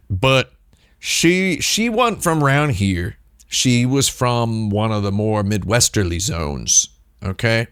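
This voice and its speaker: A man's voice: mid-range voice, fairly bright tone, clear, resonant tone, no echo, clean studio sound. A man hosting a livestream, telling a long, digressive anecdote with wry asides. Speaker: livestream host. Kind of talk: casual storytelling on a livestream.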